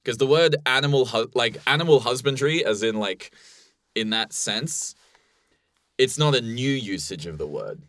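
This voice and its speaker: A man's voice: mid-range voice, animated, moderate pace, a bit bright, no echo. A young Australian man co-hosting a comedy podcast, playful and rambling, laughing often. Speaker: co-host. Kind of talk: improvised comedy podcast chat.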